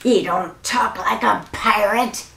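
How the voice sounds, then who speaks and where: Woman playing a bossy pirate captain, gravelly, pirate slang, storybook, echoey room. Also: mid-range voice, slow, bright, forceful tone, heavily acted. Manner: pirate slang, bellowing and cranky. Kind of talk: storybook read-aloud for children.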